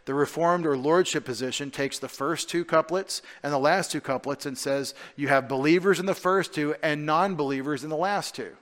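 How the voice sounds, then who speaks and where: A male pastor giving a conversational sermon, full of rhetorical questions and restarts, swinging between emphatic points and quiet asides. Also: fairly high pitch. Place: church.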